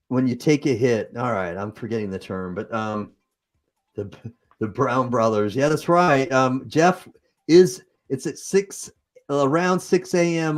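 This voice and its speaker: A man with a Utah accent hosting a livestream, chatting casually and improvising as he reads comments. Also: medium pitch. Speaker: host.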